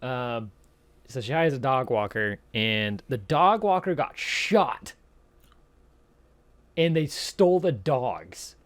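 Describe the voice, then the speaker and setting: A man's voice: medium pitch, lively intonation, takes it slowly, pauses often. A young man co-hosting a casual podcast, talking in a laid-back way, laughing often and swearing. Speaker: podcast co-host. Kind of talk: casual chat.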